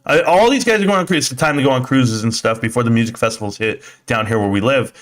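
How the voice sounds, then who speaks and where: A man's voice: medium pitch, fast, a bit bright. Rambling man hosting a live stream. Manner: rambling, talkative, swears casually. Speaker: livestream host. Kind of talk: casual livestream chat, reading comments.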